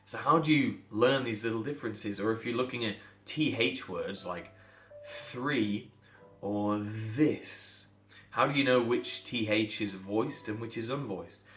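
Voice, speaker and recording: A man's voice: fairly low pitch, unhurried, a bit bright. A man coaching pronunciation, explaining step by step, spelling out letters and demonstrating sounds. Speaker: accent coach. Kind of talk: instructional talk to camera. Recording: echoey room, faint music behind.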